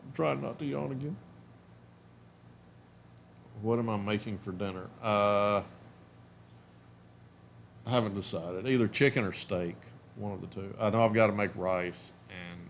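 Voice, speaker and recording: A man's voice: on the low side, measured pace, vocal fry, long pauses, a little hiss or hum. Sleepy, yawning man chatting on a live stream. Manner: rambling, self-interrupting, chatty. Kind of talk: casual live stream chat. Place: at home.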